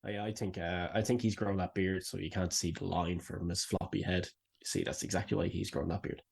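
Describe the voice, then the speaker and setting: A man's voice: sits low, steady tone, a little fast, creaky, a little hiss or hum. A man co-hosting a podcast in casual chat, with a dry, wry sense of humour. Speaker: podcast co-host.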